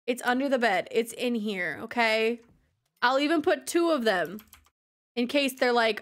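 High-voiced giggly woman streamer. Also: lively intonation, normal speed, a bit bright. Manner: giggly, crude jokes, answering chat. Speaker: game streamer. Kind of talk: casual livestream chat while playing.

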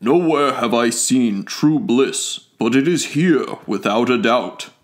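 A man voicing a lofty, grave giant alien voyager from Sirius in a storybook reading, speaking in a solemn, measured, declamatory way. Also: mid-range voice, expressive. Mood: reverent. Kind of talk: audiobook character reading.

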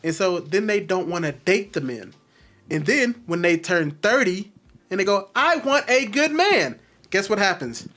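A man's voice: high-pitched, expressive, normal speed, fairly bright tone. An American man hosting a casual video chat, teasing and provoking with jokes. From United States.

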